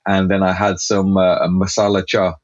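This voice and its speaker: A man chatting as a guest on a podcast, animated and talkative, with lots of fillers and restarts. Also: deep voice, normal speed, dry recording, highs cut off. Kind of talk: casual podcast chat.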